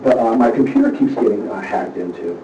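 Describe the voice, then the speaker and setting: Fairly low-pitched yet animated, a man at a police station speaks fairly quickly and anxiously, rambling and stumbling over fillers as he makes his complaint. The audio sounds dull, captured from afar in a loud, reverberant room during casual conversation.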